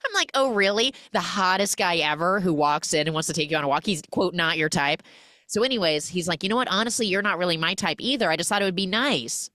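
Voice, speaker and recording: A woman's voice: on the low side, fast talker, no echo. A woman hosting a podcast, recapping a film in a casual, joking way and acting out the characters' lines. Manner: animated, acts out characters' lines. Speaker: podcast host.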